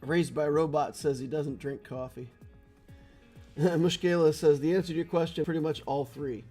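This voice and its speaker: A man streams a mobile strategy game, chatting casually, laughing often and spinning stories between turns. His voice is fairly high and steady, at normal speed, with a dark tone and faint music behind him.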